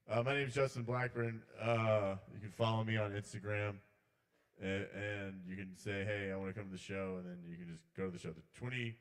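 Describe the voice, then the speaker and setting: A man doing a rambling, swearing stand-up set at an open mic in a small bar. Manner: rambling, swearing, shouts the intrusive voices loud and high. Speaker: comedian.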